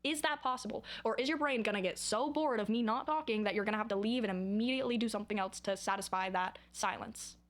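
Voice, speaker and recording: A woman's voice: medium pitch, fast, hardly any pauses. A young woman chatting to camera in a rambling, goofy, self-mocking way about her own habits. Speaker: vlogger. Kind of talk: casual chat to camera.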